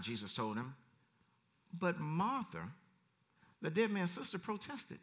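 A man preaching a conversational sermon, reading verses and commenting with animated swings from quiet asides to loud emphasis. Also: a little high, unhurried.

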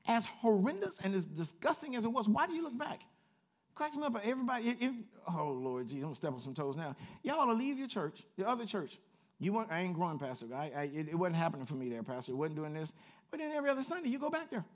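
A man preaching a sermon as pastor, swinging from quiet asides to loud repeated calls and chatting with the congregation. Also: high voice, very animated, fast talker. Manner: chatty with the congregation, laughs at himself. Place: church.

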